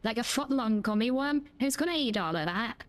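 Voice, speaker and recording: A woman's voice: fairly high pitch, lively intonation, a little fast. A woman streaming a driving game, chatting in a cheeky, jokey, rambling way. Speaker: gaming streamer. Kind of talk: casual gameplay chat.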